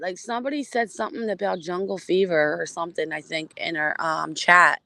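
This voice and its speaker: A woman's voice: on the low side, fairly even intonation, fairly quick, creaky, few pauses, sharp tone, dry recording. A woman hosting a casual livestream, greeting chatters by name and gossiping bluntly with frequent swearing. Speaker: livestream host.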